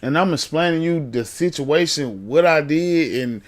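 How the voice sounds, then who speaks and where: A man's voice: a little high, animated, moderate pace. A man streaming a casual reaction commentary, talking to his chat in blunt slang. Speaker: streamer reacting to arrest videos.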